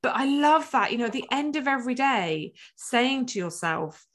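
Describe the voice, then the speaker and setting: A woman hosting a conversational interview as a counselor. She talks in an animated, reassuring way, with many asides. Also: on the high side, moderate pace. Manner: animated, reassuring, acts out inner voices. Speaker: podcast host and counselor.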